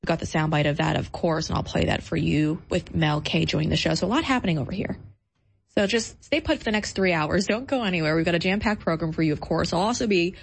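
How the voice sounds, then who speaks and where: A woman hosting a political talk show, running through the day's lineup in a brisk, emphatic and combative manner. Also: lowish voice, creaky, breathy edge.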